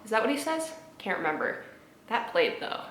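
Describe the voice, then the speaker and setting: Young woman, home vlogger; sarcastic and animated, mid-pitched, with a roomy apartment echo. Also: moderate pace. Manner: sarcastic, animated, laughs often, swings between loud outbursts and muttered asides. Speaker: video creator reacting to memes. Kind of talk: casual commentary vlog.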